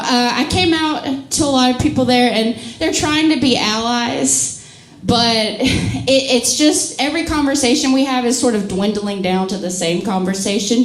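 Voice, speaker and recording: A drunk woman from a small town in Mississippi, doing a bawdy, self-mocking stand-up set and laughing at her own jokes. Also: a little high. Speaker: stand-up comedian. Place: comedy club stage with a live audience. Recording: echoey room with loud crowd laughter.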